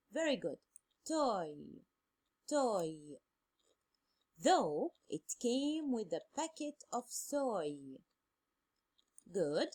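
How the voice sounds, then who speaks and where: A woman teaches English sounds at a deliberate pace, repeating each word several times. Her voice is husky and mellow, with a lively rise and fall in pitch. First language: Arabic. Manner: slow, drilling words by repetition. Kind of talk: phonics lesson, bilingual explanation.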